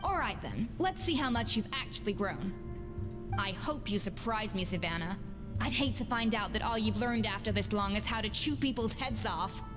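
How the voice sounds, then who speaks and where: An actress playing a composed female master chef in a game, speaking in a calm, gently teasing way. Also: mid-range voice, normal speed, lightly acted. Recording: game audio with reverb and music.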